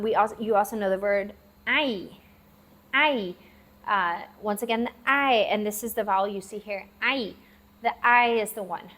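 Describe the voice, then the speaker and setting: A woman teaching a language lesson, patiently repeating words slowly and spelling them out. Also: mid-range voice, fairly bright tone. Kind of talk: classroom-style language lesson. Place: lives abroad in Southeast Asia.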